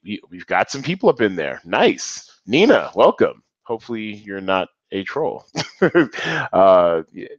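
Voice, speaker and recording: A man talks through a solo podcast in a casual, self-deprecating way, stumbling over restarts and fillers. His voice sits a little low. The recording is dry and slightly dull, like a home setup. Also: no echo. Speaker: podcast host.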